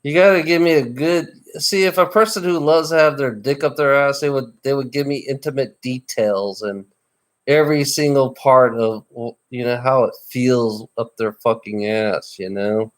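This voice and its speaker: A man of middle pitch, talking in a loose, casual chat. He rambles and teases, circling back over his words with frequent restarts. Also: steady tone, normal speed. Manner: rambling and teasing, with many repeated restarts.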